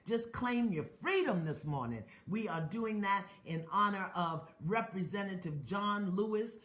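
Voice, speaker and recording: A woman's voice: fairly low pitch, reverberant. A middle-aged woman from the United States leading viewers through spoken affirmations on a live stream, chanting lines and urging them on between comments. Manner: chanting affirmations, call-and-response exhortations; greets viewers by place, reads comments aloud. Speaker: spiritual teacher hosting a live stream.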